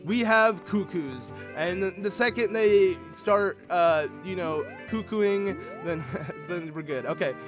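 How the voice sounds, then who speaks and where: A man's voice: sits high, slow pace, music in the background. Chatty man narrating his gameplay. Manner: chatty, rambling, self-correcting, talks to viewers as friends. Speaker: let's play host. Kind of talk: casual gameplay commentary.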